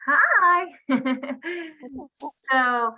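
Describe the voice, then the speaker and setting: Her voice sits high, with big swings in pitch and drawn-out words, and the lo-fi audio comes through a computer mic on a video call. She's leading a parenting workshop online in a relaxed, chatty way, frequently checking in with a "right?"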